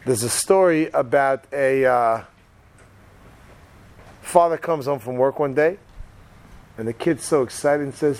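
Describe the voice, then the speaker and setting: A man giving a humorous sermon full of stories, animated and talking straight to his listeners. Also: medium pitch, measured pace, pauses often. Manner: animated, joking, talks to the audience.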